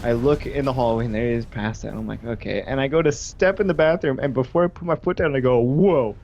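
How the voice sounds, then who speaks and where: A young man in his twenties telling a rowdy story on a gaming stream, animated and swearing freely. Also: medium pitch, fast talker, creaky, dull audio, soft background music. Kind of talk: casual chat on a gaming stream.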